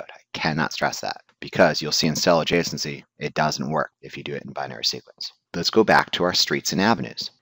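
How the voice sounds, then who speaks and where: Deep-voiced joking male instructor. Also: vocal fry, fairly bright tone. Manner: blunt, joking teacher who asks questions and answers them. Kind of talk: recorded lecture.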